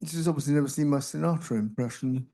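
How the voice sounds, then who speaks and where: An older man on a panel telling stories about his treatment, halting and self-deprecating, with many restarts. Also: fairly high pitch, dark tone. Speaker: panelist, researcher with Parkinson's. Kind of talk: casual anecdotal talk. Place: conference hall.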